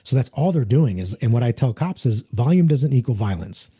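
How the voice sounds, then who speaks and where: A man's voice: medium pitch, lively intonation, fairly quick, mellow, slightly rough. A man, a former police officer, explaining things earnestly in a conversational interview and acting out the voices of the people he quotes. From United States.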